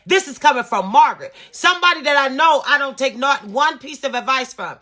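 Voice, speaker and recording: A woman's voice: sits high, expressive, fairly quick, few pauses, sharp tone. A woman in her fifties ranting in a storytime vlog, profane and emphatic, repeating herself to drive points home. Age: 50s. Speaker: vlogger. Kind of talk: storytime rant.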